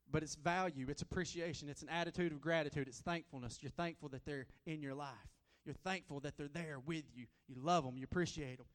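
A man preaching a sermon as a guest preacher, folksy and repetitive, swinging between loud and soft. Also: a little high, fairly even intonation, fairly quick, hardly any pauses, in a large hall.

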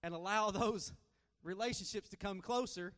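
A man preaching a sermon as a guest preacher, folksy and repetitive, swinging between loud and soft. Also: sits high, normal speed, in a large hall.

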